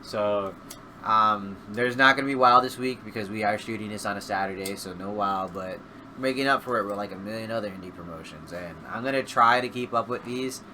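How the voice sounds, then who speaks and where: Low, bright-voiced man on a podcast. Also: brisk, a little hiss or hum. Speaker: podcast co-host. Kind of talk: casual wrestling chat.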